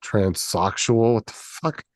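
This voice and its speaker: A man with a fairly low voice chats loosely on his stream, cursing freely and laughing at the comments. The sound is dry and close, with no room around it. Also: takes it slowly, dry recording. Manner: laid-back, profane, laughs often. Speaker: streamer host. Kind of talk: casual livestream chat.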